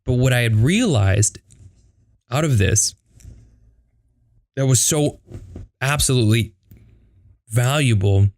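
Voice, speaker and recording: A man's voice: mid-range voice, lively intonation, takes it slowly, pauses often, darkish tone, no echo. A young man hosting a podcast, telling a personal story in a conversational way, with lots of fillers and acted-out quotes. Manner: conversational, many fillers, acts out quoted dialogue. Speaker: podcast host.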